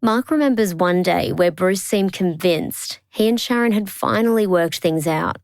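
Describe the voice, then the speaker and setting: A woman narrating a true-crime podcast in a measured, scripted delivery. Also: lowish voice, a little mellow, dry recording. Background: music bed.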